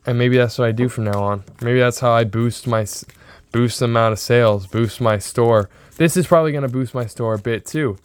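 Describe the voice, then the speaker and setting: An excitable young man in his early twenties rambles to the camera in a loose, casual vlog style, often circling back and repeating himself. His voice is smooth and clear, sitting at an ordinary pitch for a man. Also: brisk. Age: 20s. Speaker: sports card seller and vlogger.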